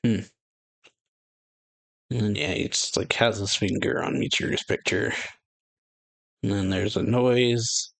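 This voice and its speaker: A man's voice: lowish voice, steady tone, slow pace, gravelly, pauses often, dry recording. A man hosting a manga reaction channel, reading a chapter aloud in a loose, rambling way full of fillers, with casual commentary. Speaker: YouTube manga reaction host.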